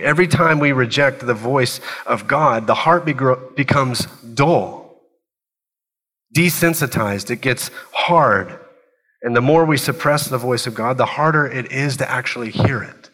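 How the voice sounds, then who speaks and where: A man preaching in a church with a bright, forceful voice, pressing his points in short repeated phrases. His words ring out with a long reverb that trails through the sanctuary. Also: mid-range voice, a little slow. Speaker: pastor. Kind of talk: sermon.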